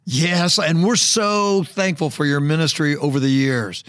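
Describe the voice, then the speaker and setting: High-voiced man hosting a podcast. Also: steady tone, measured pace, a bit bright, no room sound, studio quality. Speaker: podcast co-host. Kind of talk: interview questions.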